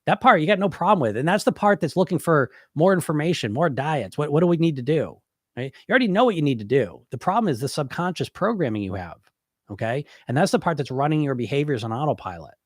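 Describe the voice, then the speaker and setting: Talking fast in a voice on the high side with big pitch swings, a middle-aged man with a stuffy head cold hosts a casual podcast live stream, taking questions. A hypnotist weight coach, he's blunt and rambling, filling gaps with "you know," and the studio sound is clean with no room sound.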